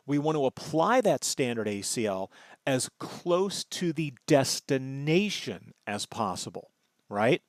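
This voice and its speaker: A man talks through a screen-recorded lesson as a networking instructor, explaining each step in an easygoing, conversational way. His mid-pitched voice has a gravelly edge. The recording is dry, with no room sound. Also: big pitch swings, unhurried, no echo. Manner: conversational, explanatory, checks in with "right?". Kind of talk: screen-recorded tutorial walkthrough.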